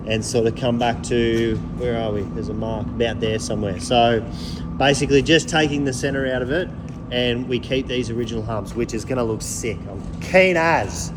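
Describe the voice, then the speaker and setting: Upbeat Australian man with a mid-range voice, a relaxed, slangy vlog host in a workshop, faint noise around him. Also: mid-range voice, moderate pace. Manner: upbeat, chatty, laid-back slang, yells playful calls. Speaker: vlogger. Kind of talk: casual chat. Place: panel repair workshop.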